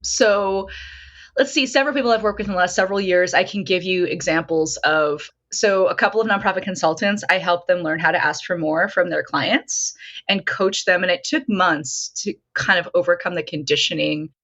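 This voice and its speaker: Podcast guest: woman coach, animated talker, bright edgy tone, muffled lo-fi recording. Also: fairly low pitch, moderate pace. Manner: animated storytelling, frequent "like". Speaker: nonprofit consultant and coach, guest. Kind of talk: conversational podcast interview. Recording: dull lo-fi sound.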